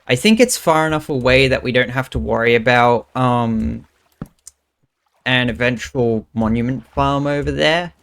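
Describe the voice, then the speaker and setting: Young male streamer, relaxed slow pace, mid-range voice, casual muttering commentary. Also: mid-range voice, gravelly, clear, resonant tone. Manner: thinking aloud, muttering counts under his breath.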